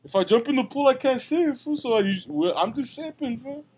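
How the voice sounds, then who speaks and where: A young man with a high voice tells a rambling, slang-filled story on a casual podcast. He talks loosely and ends nearly every phrase with "fool.". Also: animated, fairly quick, a little mellow, slightly rough. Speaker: podcast co-host telling a story.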